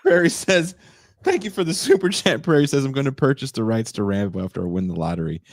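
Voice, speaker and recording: A man's voice: mid-range voice, sing-song, fast, dry recording, studio quality. A man co-hosting a podcast, bantering, swearing and reading out viewer comments. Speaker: podcast co-host. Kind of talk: casual podcast chat reading super chats.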